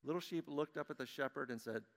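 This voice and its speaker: A man giving a children's message in church, reading a storybook aloud to children in a friendly, animated way. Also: fairly high pitch, quick pace. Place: church sanctuary. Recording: long church-hall reverb.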